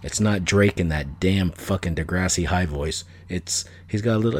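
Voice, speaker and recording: Deep-voiced man, blunt podcast rant. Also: normal speed, few pauses, a little mellow, breathy edge. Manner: blunt, opinionated, rambling with repeats. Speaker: podcast host. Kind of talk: casual solo podcast commentary.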